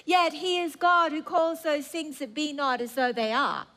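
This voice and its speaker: A woman preaching a sermon in an earnest, emphatic way, with drawn-out phrases and stammering restarts. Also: high-pitched, steady tone, pushed and bright.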